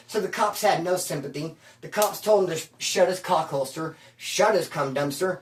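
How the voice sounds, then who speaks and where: A man from Bakersfield telling prison stories at home, animated and slangy, calling the listener bro and dude. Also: high voice, normal speed, few pauses, distant mic. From Bakersfield, California. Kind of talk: casual storytelling. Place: at home, indoors. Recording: roomy room, from off mic.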